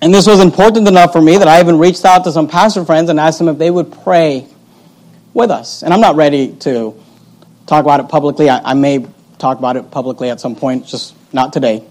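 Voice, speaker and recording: A man's voice: fairly high pitch, brisk, darkish tone, low-quality recording. A man, a pastor, preaching a sermon in earnest, asking the listeners questions and reading scripture aloud.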